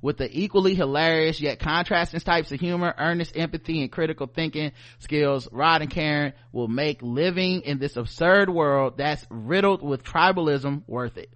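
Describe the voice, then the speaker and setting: A man with a Southern US accent, co-hosting a podcast in animated, joking casual chat. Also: a little high. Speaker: podcast co-host.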